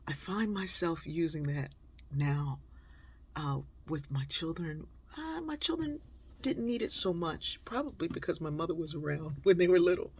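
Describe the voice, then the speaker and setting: An older woman with a gravelly, husky voice tells a personal story. She keeps it conversational, unhurried and close, and often slows down and drops to a near whisper on the key points. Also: low voice, animated, a little mellow. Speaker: speaker and author.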